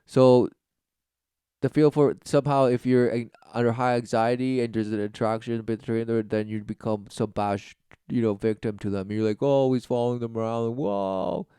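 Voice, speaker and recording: A man's voice: mid-range voice, little pitch movement, moderate pace, dark tone, clear, resonant tone, no echo. A man giving preaching commentary, reading passages aloud and answering them with sarcastic, mocking remarks. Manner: reads study text aloud, then scoffs.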